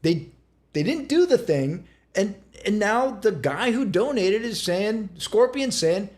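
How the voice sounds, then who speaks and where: A man co-hosting a casual podcast chat, an animated storyteller who talks bluntly and swears freely. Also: high voice, measured pace. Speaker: real estate agent co-host.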